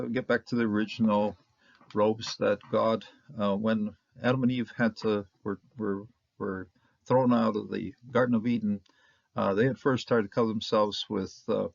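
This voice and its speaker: A man giving a casual Bible lesson, halting with many fillers and restarts, sounding out Hebrew words slowly. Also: medium pitch, vocal fry, no room sound. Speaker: Bible teacher. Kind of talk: casual lecture. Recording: dull, dry, lo-fi sound.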